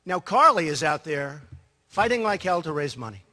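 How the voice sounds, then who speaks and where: A man's voice: a little high, very animated, normal speed, pushed and bright. A man giving a rambling, boastful campaign speech, full of asides to the crowd. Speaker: political candidate. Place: large hall. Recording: reverberant hall.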